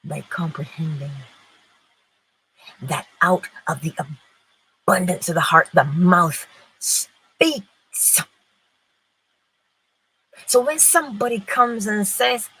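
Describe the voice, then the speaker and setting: A middle-aged woman giving an inspirational spiritual talk, expressive, moving between loud and hushed phrases. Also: lowish voice, slow pace, long pauses, husky, poor audio. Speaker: spiritual teacher.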